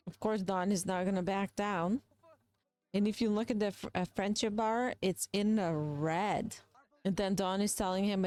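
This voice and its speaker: A woman's voice: mid-range voice, fairly even intonation, normal speed, a little mellow. A young adult woman hosting a gaming video, giving chatty, playful, gossipy commentary into a close mic. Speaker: gaming channel host. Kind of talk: casual game commentary.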